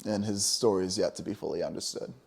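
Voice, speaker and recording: A man's voice: deep voice, fast talker, gravelly. A man co-hosting a casual spiritual talk show, talking emphatically and preaching, with many "you know?" asides. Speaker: podcast co-host.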